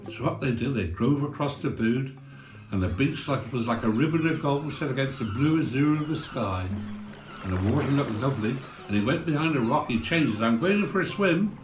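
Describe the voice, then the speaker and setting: A chatty man spinning comic village yarns, his voice swinging lively up and down. The room sounds roomy, and a faint guitar plays behind him. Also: mid-range voice, fairly quick. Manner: chatty, folksy. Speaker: storyteller.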